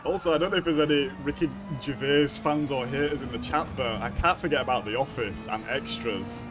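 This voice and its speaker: A man's voice: mid-range voice, fairly quick, over music. A young man chatting casually with his live-stream viewers, greeting them by name and laughing often. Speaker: racing game streamer. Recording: racing car game noise behind. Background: engine noise from the racing game.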